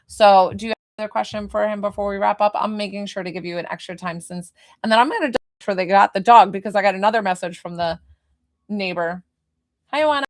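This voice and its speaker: Gravelly-voiced woman medium, chatty. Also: mid-range voice, fast. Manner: chatty, informal, easily sidetracked. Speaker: spiritual medium. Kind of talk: live-streamed reading.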